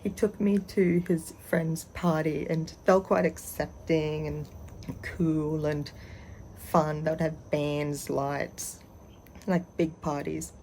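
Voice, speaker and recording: Young trans guy vlogging at home, talks slow and halting, kinda gravelly fry, bit of faint hum behind. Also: a little high, level tone, a little mellow, low-quality recording. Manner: candid, rambling, halting with frequent pauses. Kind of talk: personal storytelling vlog.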